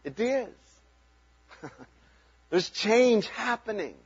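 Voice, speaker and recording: A man's voice: high voice, expressive, very slow, breathy edge, lo-fi sound. A man preaching a sermon as pastor, talking in an earnest, conversational way and chuckling between points.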